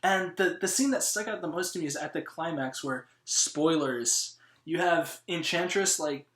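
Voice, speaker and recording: A man's voice: a little high, moderate pace, fairly bright tone. A man co-hosting a movie review show, talking in a casual, rambling way and laughing often. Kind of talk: casual podcast chat. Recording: echoey room.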